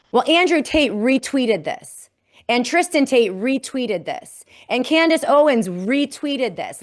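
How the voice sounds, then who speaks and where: A woman hosting a political commentary podcast, talking emphatically and reading quotes aloud with indignation. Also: fairly high pitch. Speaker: podcast host.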